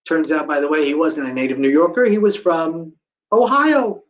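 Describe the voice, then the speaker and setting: A middle-aged man recounts a survivor's story before a live audience in a slightly high voice. He tells it with lively energy and drops into the voices of the people he describes. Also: moderate pace, poor audio. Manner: animated, acts out the voices of people in his story. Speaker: guest speaker telling a survivor story.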